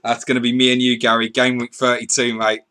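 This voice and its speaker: A man hosting a live fantasy football stream, excitedly reading out scores and viewer messages, swearing and laughing as he goes. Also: medium pitch, fast talker, clear, resonant tone. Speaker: podcast host.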